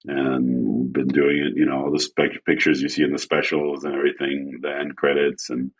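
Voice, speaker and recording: Man, very deep voice, casual animated anecdotes. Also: moderate pace, husky. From France. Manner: animated, acts out quotes with shifting pitch. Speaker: guest photographer. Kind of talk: casual storytelling.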